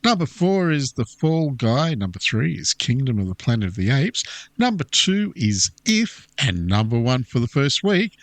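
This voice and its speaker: A man with an Australian accent, co-hosting a film podcast in a relaxed, casual chat. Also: mid-range voice, normal speed, no room sound. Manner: relaxed, reads lists off plainly. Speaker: podcast co-host.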